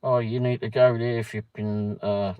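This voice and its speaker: A man's voice: fairly low pitch, level tone, normal speed, clear, resonant tone, dry recording, narrow, tinny audio. A man hosting a casual livestream, reading a pub menu aloud with muttered asides and the odd swear word. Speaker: livestream host.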